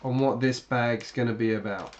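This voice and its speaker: A man's voice: mid-range voice, fairly even intonation, normal speed, lo-fi sound, background noise. British man, channel host, loose and chatty live-stream talker, mid-range voice, wanders through his sentences. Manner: chatty, rambling, many fillers and restarts. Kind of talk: casual live-stream chat while building.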